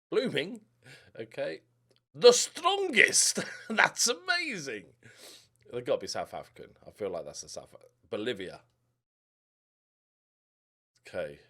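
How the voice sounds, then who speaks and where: A young man talks casually over a management game, thinking aloud as he goes. His voice swings lively between high and low, dropping to mutters now and then. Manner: rambling, mutters to himself, lively ups and downs. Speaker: gaming YouTuber.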